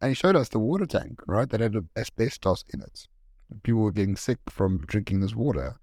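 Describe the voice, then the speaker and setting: Enthusiastic man, lowish voice. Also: expressive, brisk, a little mellow, no echo, clean studio sound. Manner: enthusiastic, rambling, many "like"s. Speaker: podcast co-host. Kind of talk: casual podcast chat.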